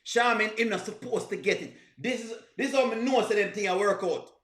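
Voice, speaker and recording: A man's voice: high voice, fairly quick, a bit bright, roomy sound. A man hosting a comedic reaction video, preachy and teasing, with punchy exclamations.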